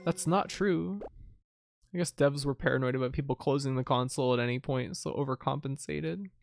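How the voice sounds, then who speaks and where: A woman's voice: a bass voice, fast talker, vocal fry, no room sound. A woman streamer giving hesitant, filler-heavy commentary on a game. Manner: flat, hesitant, full of fillers. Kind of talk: let's play commentary. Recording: game music playing behind.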